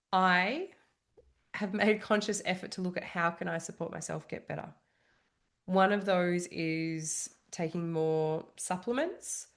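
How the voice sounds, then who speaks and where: Candid lower-voiced woman coach. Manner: reflective, openly vulnerable, frequent "you know" and "like". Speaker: trauma coach. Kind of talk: candid solo monologue.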